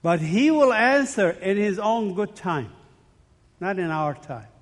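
A man's voice: high-pitched, sing-song, measured pace. A middle-aged man giving an earnest, emotional church testimony, often repeating himself and restarting phrases. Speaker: speaker giving his faith testimony. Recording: long hall reverb.

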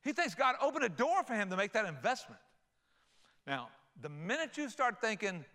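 An older man preaching a sermon, folksy and animated, telling playful stories. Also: sits high, moderate pace, gravelly. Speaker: pastor.

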